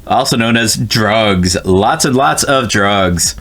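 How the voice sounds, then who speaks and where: A man's voice: fairly low pitch, a little slow, few pauses, a bit bright, husky, faint music behind. A man from New Jersey streaming a video game, chatting casually with his viewers, laughing and swearing often as he reads the game text aloud. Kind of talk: casual let's-play commentary.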